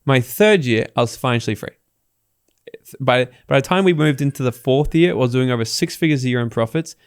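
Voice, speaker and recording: An Australian man guesting on a podcast, telling stories in a casual, animated way and acting out the people he quotes. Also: mid-range voice, brisk, smooth, dry recording, clean studio sound. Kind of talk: casual interview talk.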